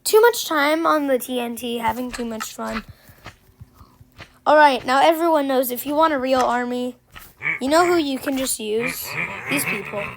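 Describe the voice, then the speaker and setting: A woman's voice: sits high, background noise. A woman giving casual, playful commentary on a game tutorial, joking at herself and trailing off with fillers. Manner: slow, playful and self-joking, with many fillers and trailing phrases.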